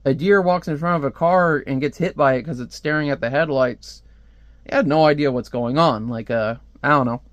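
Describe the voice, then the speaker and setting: A man's voice: on the high side, moderate pace, dry recording. A man casually reviewing a comic book, talking in a rambling, chatty way with lots of fillers.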